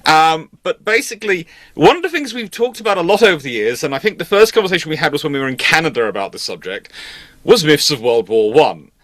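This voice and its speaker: Host, male, bright tone, dry close recording, animated storyteller. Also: a little high, quick pace, no echo. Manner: animated, acts out voices in anecdotes. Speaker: history channel host. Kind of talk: casual conversation.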